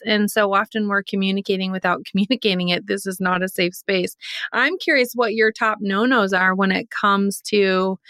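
A woman's voice: mid-range voice, fairly bright tone, dry recording, studio quality. A woman hosting an interview, reflecting on her own parenting and asking thoughtful questions. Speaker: interview host. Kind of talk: conversational interview.

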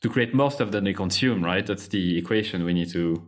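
A man's voice: deep voice, a little fast. A man from France with a French accent, hosting a podcast in casual, candid conversation and swearing freely. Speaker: podcast host.

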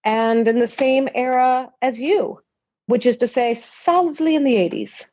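A woman's voice: a little high, measured pace, mellow, dry recording. A woman in her fifties from Washington, D.C., chatting wryly as a podcast guest. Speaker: podcast guest, actress and comedian. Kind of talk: casual interview chat. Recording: dry, dull lo-fi sound.

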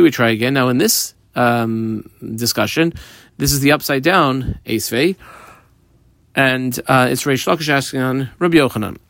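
A man works through a Talmud page, reading a phrase and then unpacking it in plain, casual English. His voice sits at a middle pitch with a gravelly, creaky edge, and the recording is dry and close. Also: a bit bright, no echo. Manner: reads Aramaic phrases then explains them in English, with frequent ums. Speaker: Talmud teacher. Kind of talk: Talmud lesson, reading and translating.

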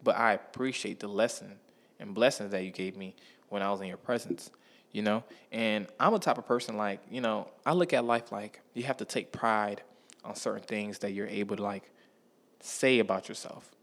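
A man's voice: fairly low pitch, normal speed. A man telling stories from his life in a casual, slangy monologue, often checking in with the listener. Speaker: vlogger.

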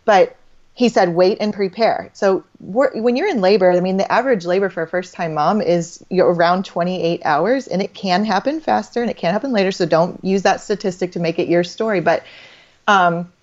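In slightly dull lo-fi audio, a woman in her thirties who works as a holistic doctor speaks briskly about faith in a loose, rambling way, often restarting or letting phrases fade. Her voice is fairly low and a little mellow.

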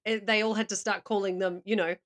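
A woman's voice: medium pitch, fairly even intonation, fairly bright tone. An Australian woman co-hosting a podcast, joking and chatting playfully with her co-host. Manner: playful, jokey, quick to laugh. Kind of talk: casual chat.

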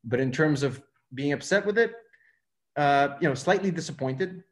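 A man in his thirties from Russia, speaking English, telling stories as a film director guest and acting out the lines of the people he quotes. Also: a little high. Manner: fast, animated, acts out quoted dialogue. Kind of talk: casual interview storytelling.

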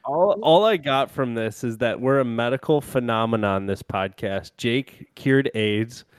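A man's voice: medium pitch, a little slow, clean tone, dry recording. A man in casual chat, throwing in dry joking asides.

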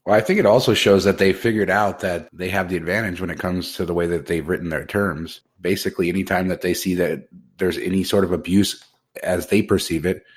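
A man co-hosting a podcast, explaining things in a measured, casual way. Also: sits low, fairly even intonation. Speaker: podcast co-host. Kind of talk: casual chat.

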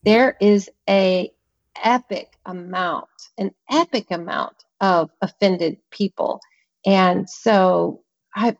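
A woman's voice: mid-range voice, muffled recording. A woman author as a podcast guest, speaking earnestly and with emphasis, repeating words to stress a point. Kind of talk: podcast interview conversation.

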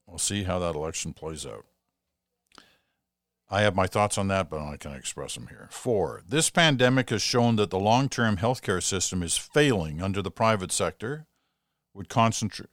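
A man's voice: sits low, no echo. Canadian male podcast host, dry sound. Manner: chatty, thinks aloud in asides. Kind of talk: reading listener mail with casual asides.

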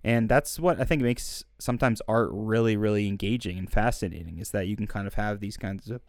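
A man's voice: lowish voice, a little fast, no echo, clean studio sound. A young man co-hosting a film podcast, talking in long, thoughtful, winding sentences. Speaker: podcast co-host. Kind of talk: casual film discussion.

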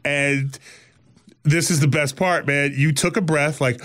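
A man's voice: a little high, a little slow. A man telling a story in casual conversation, acting out the quoted lines with energy. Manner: animated, acts out quoted lines.

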